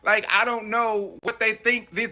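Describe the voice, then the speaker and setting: A man's voice: high voice, flat delivery, a little slow, pushed and bright. A man giving a brash, joking casual rant.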